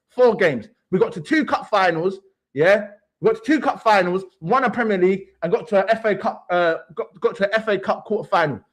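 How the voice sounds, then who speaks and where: A young man hosting a livestream, ranting brashly about football with swaggering street slang. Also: high-pitched. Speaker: livestream host. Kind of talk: heated fan rant.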